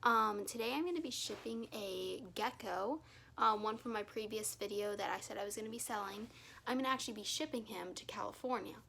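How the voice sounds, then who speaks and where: A woman's voice: mid-range voice, fairly quick, vocal fry, sharp tone, slight background noise. A woman giving a casual how-to at home, rambling with frequent "um"s and self-corrections, filming on a phone camera. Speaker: reptile keeper vlogger. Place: her home, indoors.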